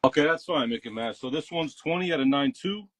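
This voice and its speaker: A man selling comic books on a live stream, pitching deals in a hyped salesman way. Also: expressive, fairly quick, a bit bright. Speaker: comic seller.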